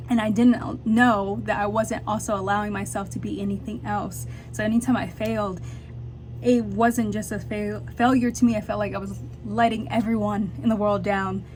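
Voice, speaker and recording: Candid young woman vlogging, halting. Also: mid-range voice, a little mellow. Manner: candid and halting, searching for words. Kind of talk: confessional vlog.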